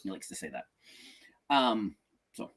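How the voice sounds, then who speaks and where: A man's voice: sits low, very animated, measured pace, crowd noise. A middle-aged man co-hosting a podcast in casual chat, joking and repeating himself. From outside the United States. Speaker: podcast co-host.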